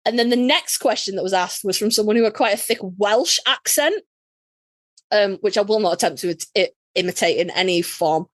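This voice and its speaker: A British woman, a podcast guest, telling a story in casual chat, animated and swearing freely. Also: medium pitch, a little fast, dry recording. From United Kingdom.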